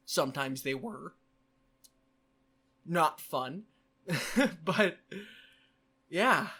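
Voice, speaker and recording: A man talking casually to camera in a vlog. He is playful, adds quick asides, and repeats phrases and sounds in bursts. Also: on the high side, animated, bright, forceful tone, slightly rough. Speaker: vlogger.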